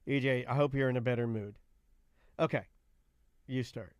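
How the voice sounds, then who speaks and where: A man co-hosting a casual live-stream chat, telling rambling stories in an animated way. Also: medium pitch, normal speed, smooth, no echo, studio quality. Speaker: co-host.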